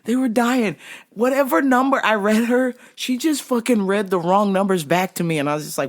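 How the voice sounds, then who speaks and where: A woman in her forties telling a story in a casual rant, profane, animated and exasperated. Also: mid-range voice, moderate pace. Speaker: show host recounting her store job.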